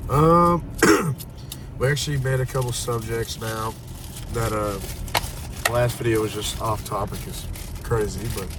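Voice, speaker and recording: A man's voice: lowish voice, normal speed. A young man co-hosting a casual podcast, laid-back and agreeable, chatting a bit ramblingly inside a car. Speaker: podcast co-host. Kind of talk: casual chat. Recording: distant mic with car noise.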